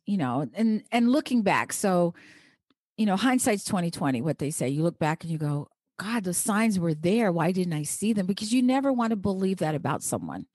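A woman's voice: fairly low pitch, darkish tone, dry recording, clean studio sound. A woman hosting an interview, asking questions in a sympathetic, conversational way. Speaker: interview host. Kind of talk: podcast interview.

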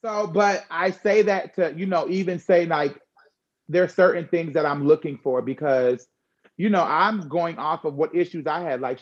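A woman talking candidly in a conversational chat, frank and expressive with slangy asides. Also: low voice, normal speed, lo-fi sound.

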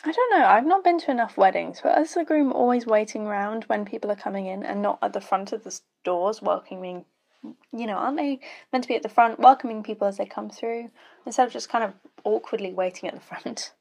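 Sweary woman with a gravelly voice. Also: medium pitch, a little fast, a little mellow. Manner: blunt, sweary, chatty asides. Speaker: YouTube reaction host. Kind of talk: casual reaction commentary.

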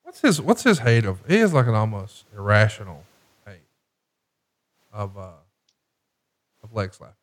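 A man's voice: lowish voice, sing-song, normal speed, pauses often. A man hosting a casual podcast, joking and profane as he tells stories and calls wrestling action. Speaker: podcast host. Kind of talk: casual chat and wrestling commentary.

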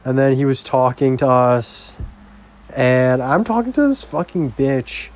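Speaking in a mid-range, sing-song voice, a young vlogger delivers a slow, meandering rant loaded with swearing. He hops casually from one topic to the next.

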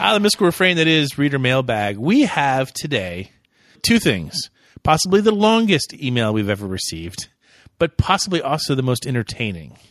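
A man hosts a podcast and leads into the mailbag segment with playful jokes. His pitch moves a lot and stays animated. The sound is dry and close to the mic. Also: moderate pace, no echo. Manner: playful, joking. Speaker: podcast host. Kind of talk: casual podcast chat, introducing the mail segment.

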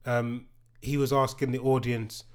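A man chatting casually, with a voice of middling pitch for a man. He recounts events in a loose conversational way, pausing on fillers and repeating words. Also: flat delivery, smooth. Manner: conversational storytelling with hesitations. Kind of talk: casual chat.

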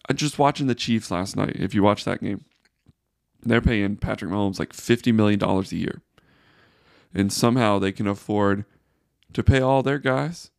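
A man's voice: fairly low pitch, vocal fry, darkish tone, dry recording, studio quality. A man hosting a solo sports podcast, ranting in exasperated frustration. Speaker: podcast host.

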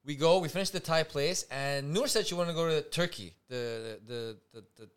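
A man co-hosting a podcast, telling a night-out story in a loose, profane, animated way and acting out what people said. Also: a little high, normal speed, smooth. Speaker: podcast co-host. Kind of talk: casual storytelling chat.

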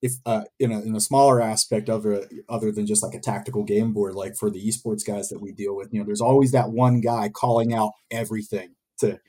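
Rambling husky low man. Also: level tone, fairly quick, few pauses, mellow. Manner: rambling, loose questions with "you know" and "like". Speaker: co-host working in esports and gaming. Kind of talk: casual panel conversation.

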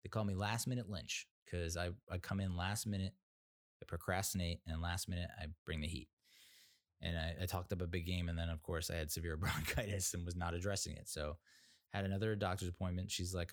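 Low-voiced guy rambling casually. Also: fairly even intonation, a little fast, no echo, studio quality. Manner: rambling, profane, self-mocking. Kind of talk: casual storytelling monologue.

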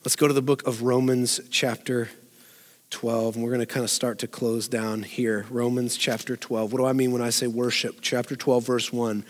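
A man's voice: mid-range voice, flat delivery, moderate pace. A man preaching a sermon as pastor, in a conversational way that asks the congregation questions and laughs often. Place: church sanctuary. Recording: long reverb of a large hall.

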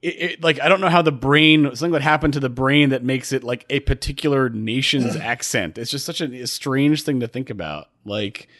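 A man co-hosting a casual chat podcast, talking in a halting way with many fillers and restarts. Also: mid-range voice, fairly bright tone, no room sound, clean studio sound. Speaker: podcast co-host.

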